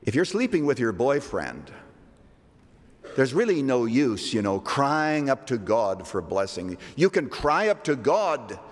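An older man preaching a sermon as a pastor, slowing down to stress scripture verses with emphatic delivery. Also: medium pitch, very animated. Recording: long reverb of a large hall.

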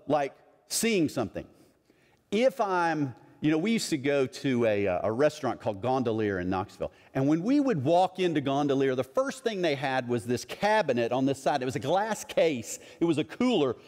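A man's voice: a little high, a little mellow, in a large hall. A middle-aged man preaching a sermon as a pastor, conversational and acting out other people's voices in his stories.

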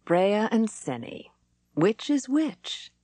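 A woman's voice: mid-range voice, sing-song, takes it slowly, dark tone, no echo, voice pushed up. A woman reading an audiobook, voicing a young man who asks insinuating questions. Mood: probing. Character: young man, smooth and probing.

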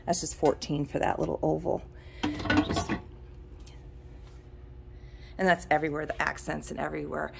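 A woman's voice: deep voice, little pitch movement, moderate pace, creaky, pauses often, background noise. A middle-aged woman touring an antique shop, chatting casually and rambling into asides between prices. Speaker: antique shop owner giving a tour. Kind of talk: casual walkthrough vlog.

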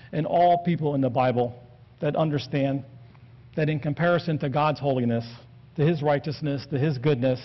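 A man preaching an earnest sermon, steadily working through scripture quotes. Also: a little high. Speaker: pastor. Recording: dull lo-fi recording.

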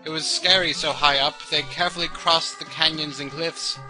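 A man's voice: a little high, fairly even intonation, moderate pace, voice pushed up, lightly acted. A man putting on a silly fake accent to read out a storybook passage as an overblown narrator, with game music behind. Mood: mock-dramatic. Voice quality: put-on fake accent, sing-song.

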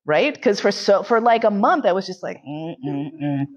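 A woman lecturer telling a candid story in a frank, bawdy and animated way, laughing often. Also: medium pitch, brisk, husky, dull audio.

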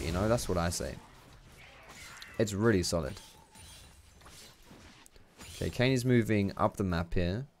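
A young man giving casual, excitable gameplay commentary, chatty and swearing freely. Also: low-pitched, slight background noise. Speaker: gaming YouTuber.

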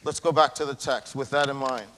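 A male pastor giving a sermon in a casual, slangy way, swinging between loud emphasis and hushed near-whispers. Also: mid-range voice, fairly even intonation, brisk, a little hiss or hum. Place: church sanctuary. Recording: long church hall reverb.

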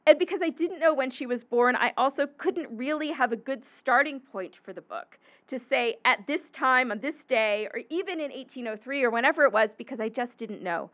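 A woman with a high voice lectures on her historical research, explaining patiently and now and then pausing on an um or correcting herself. The recording is somewhat muffled and dull, like a talk captured in a lecture hall. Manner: explanatory, occasional ums and self-corrections. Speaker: historian giving a book talk. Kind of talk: academic lecture with slides.

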